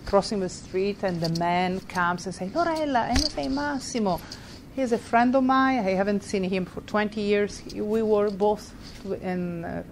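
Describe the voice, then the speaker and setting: Italian-accented woman giving a halting lecture. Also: mid-range voice, slight background noise. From Italy. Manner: halting, searching for words, laughs while telling a story. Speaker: guest lecturer. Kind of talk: university lecture.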